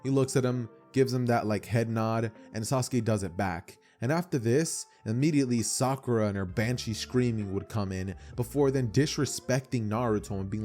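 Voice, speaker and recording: Mellow-voiced young man telling a story. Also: medium pitch, moderate pace, hardly any pauses, soft background music. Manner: rambling, slangy, self-correcting. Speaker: anime storyteller. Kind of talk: casual what-if storytelling.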